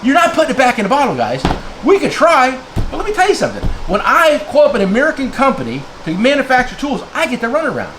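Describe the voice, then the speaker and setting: A man's voice: very high-pitched, wildly swooping pitch, fast, background noise. A man from New Jersey, a tool dealer, ranting heatedly to his viewers in a blunt, name-calling way, checking in with "okay?" again and again. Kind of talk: heated rant to camera.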